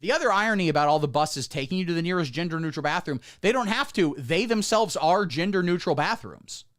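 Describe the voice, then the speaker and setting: A man hosting a comedy livestream, ranting sarcastically and crudely in a mock-pundit persona, lurching between loud outbursts and muttered asides. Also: on the high side. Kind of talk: satirical political comedy rant. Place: indoor room under hot studio lights.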